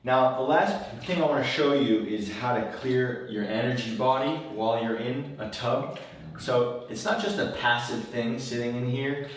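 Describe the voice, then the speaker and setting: A man, a wellness coach, giving a relaxed, conversational how-to talk from his bathtub, rambling a little and repeating words as he goes. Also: medium pitch, recorded from a distance, a little hiss or hum. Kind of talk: casual instructional talk. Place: bathroom, in a bathtub. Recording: very echoey room, voice from off the mic.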